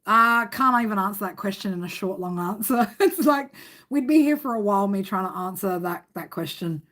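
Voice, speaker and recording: A woman's voice: medium pitch, animated, normal speed, fairly bright tone. A woman reading tarot on a live stream, chatting casually with viewers, rambling, swearing a lot and laughing often. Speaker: tarot reader.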